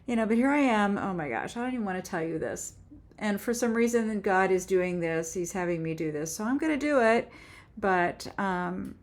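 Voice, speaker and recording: A woman in her seventies telling a heartfelt personal faith story on her own channel, halting and earnest with frequent restarts. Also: mid-range voice. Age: 70s. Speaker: author and YouTuber. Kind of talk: personal faith testimony vlog.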